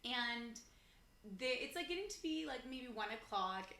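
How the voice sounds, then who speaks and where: A woman's voice: fairly high pitch, lively intonation, unhurried, sharp tone, echoey room. A young adult woman co-hosting a podcast, telling a story in casual chat and animatedly acting out the people she quotes. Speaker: podcast co-host.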